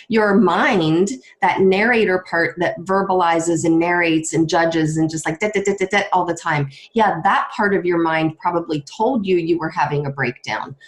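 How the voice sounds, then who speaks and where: Reflective woman podcast host. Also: fairly low pitch. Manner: reflective, explanatory, affirming. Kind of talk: conversational interview.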